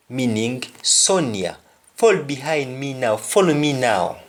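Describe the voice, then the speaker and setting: A man gives a language lesson at a very unhurried pace. He says every example phrase two or three times before he translates it. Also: mid-range voice. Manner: repeats each example phrase several times, then translates it. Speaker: language teacher. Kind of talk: slow spoken lesson with spoken examples.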